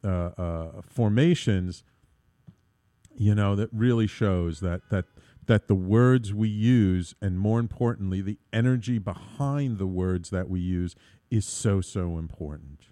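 Male talk radio host, low-pitched, mellow tone, earnest and rambling, dry close recording. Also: measured pace, no room sound. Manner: rambling, many fillers and restarts. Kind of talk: casual radio talk monologue.

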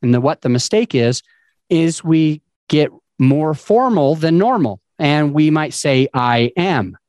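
A man's voice: on the high side, lively intonation, unhurried, a little mellow, no echo. A man hosting a podcast, giving casual advice in a loose, conversational way with fillers and restarts. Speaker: podcast host.

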